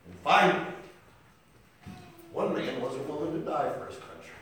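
High-voiced preacher in an echoey hall. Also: male voice, moderate pace, recorded from a distance, slight background noise. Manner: builds from quiet to shouting, dramatic storytelling. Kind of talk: sermon. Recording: echoey hall picked up from afar.

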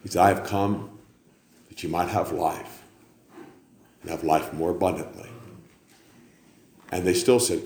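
Man, preacher, sermon, loud peaks and soft drops, echoey church. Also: normal speed, long pauses. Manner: preaching, building to loud climaxes then dropping low. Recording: echoey room with faint background noise.

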